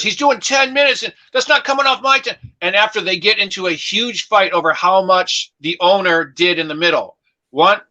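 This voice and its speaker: A man's voice: a little high, pushed and bright, lo-fi sound. A man, a comedian guest, telling chatty stories in a casual conversation. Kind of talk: casual storytelling chat.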